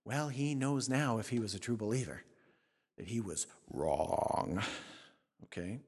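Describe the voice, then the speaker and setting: A male pastor preaching a sermon, swinging from loud, fiery emphasis to hushed, low asides. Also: big pitch swings, measured pace, breathy edge, long reverb tail.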